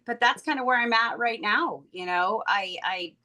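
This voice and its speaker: A woman's voice: a little high, moderate pace, bright, forceful tone. A woman in real estate speaking earnestly and emotionally on a group video call. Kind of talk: candid sharing on a group call.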